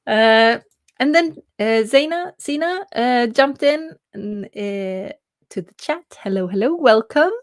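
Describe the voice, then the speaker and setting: A woman's voice: on the high side, animated, slow, dry recording, clean studio sound. A young woman from Norway chatting casually on a live stream, reading chat messages aloud and laughing often between hesitant fillers.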